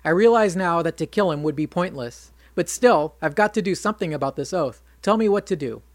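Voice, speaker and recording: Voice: mid-range voice, animated, brisk, no room sound, lightly acted. A narrator voicing a hot-headed young warrior prince who talks in a defiant hiss. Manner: hissing, defiant.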